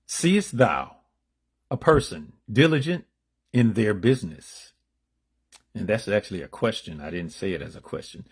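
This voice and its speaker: A man casually reading daily spiritual meditations aloud, unrehearsed, lifting his voice for the passages and dropping low and quiet for loose asides in between. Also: big pitch swings, normal speed, husky. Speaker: spiritual reader.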